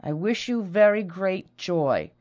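A woman's voice: fairly low pitch, big pitch swings, normal speed, highs cut off. A woman reading the part of a jealous, proud young woman who speaks passionately and bitterly.

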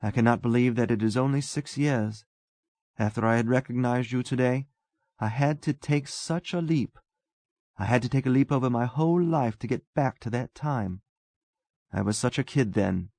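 A man's voice: mid-range voice, moderate pace, darkish tone, dry recording, lightly acted. A man reading a story aloud, voicing a talkative, self-absorbed young man who muses earnestly.

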